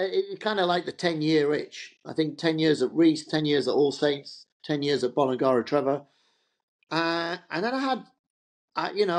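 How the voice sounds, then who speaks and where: Man, middle-aged, rambling casual storyteller, interview guest, a touch high-pitched. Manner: chatty storyteller, loose and rambling. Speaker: fashion entrepreneur, interview guest. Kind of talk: casual anecdotal interview talk.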